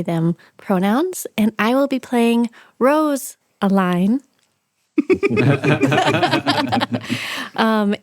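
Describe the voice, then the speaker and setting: Very slow-talking giggly player. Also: medium pitch, clean tone, dry recording. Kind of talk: casual chat at a tabletop game.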